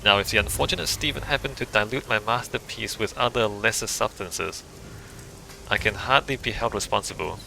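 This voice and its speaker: Guy reading a smooth self-assured dealer in a game, kinda gravelly, bright edge. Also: lowish voice, fairly quick, a little hiss or hum, full character voice, low-quality recording. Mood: smug. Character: suave smug male street drug dealer. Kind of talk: reading game dialogue aloud.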